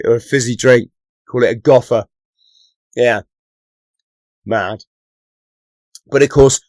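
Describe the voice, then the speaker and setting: A man's voice: medium pitch, dry recording. A man from England, born in London and raised in the Southwest, a former commando telling stories to camera in a chatty way, often checking in with "right?". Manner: chatty, keeps adding "right?" tag questions. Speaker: former Royal Marines commando, channel host. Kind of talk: casual storytelling to camera.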